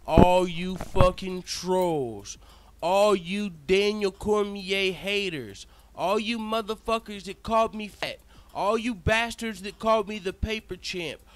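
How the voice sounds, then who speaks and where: A man voicing a brash, boastful male fighter who gloats and curses in loud bursts. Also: a little high, close to an everyday voice.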